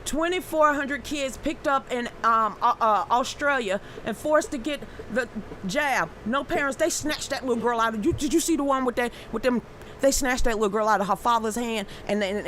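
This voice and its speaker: A woman's voice: high voice, a bit bright, a little hiss or hum. A woman hosting a casual live stream, reacting to viewer comments with stammering restarts and sudden exclamations.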